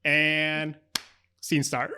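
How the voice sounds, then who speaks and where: A man runs a tabletop game, setting scenes in a bright, forward voice. He rambles a little, circling through fillers as he recalls details. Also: on the high side, completely flat delivery, very slow, smooth. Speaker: game master.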